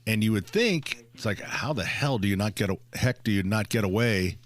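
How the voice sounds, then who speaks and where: A man's voice: on the low side, lively intonation, normal speed. A man hosting a home and garden radio show, telling a story in a joking, rambling way in a studio. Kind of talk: casual radio chat.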